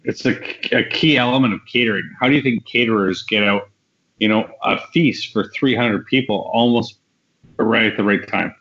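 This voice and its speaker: A man's voice: on the low side, moderate pace, a bit bright. A man co-hosting a casual podcast, explaining things and laughing often. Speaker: podcast co-host. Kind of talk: casual chat. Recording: dull lo-fi remote audio.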